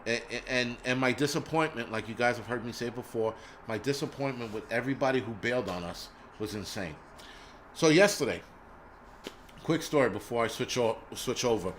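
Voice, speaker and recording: A man's voice: medium pitch, brisk, fairly bright tone, slight background noise. A middle-aged man, hosting a live stream in casual chat, blunt and profane as he vents.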